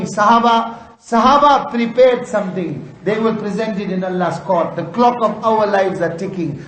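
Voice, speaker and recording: A man preaching an impassioned sermon, at times rising to shouts, recorded in a hall. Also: high voice. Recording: echoey hall.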